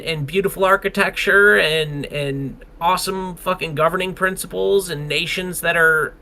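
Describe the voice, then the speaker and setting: A man co-hosting a podcast talks in a bright, forward voice that sits a bit high. He rambles earnestly and swears casually. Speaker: podcast co-host.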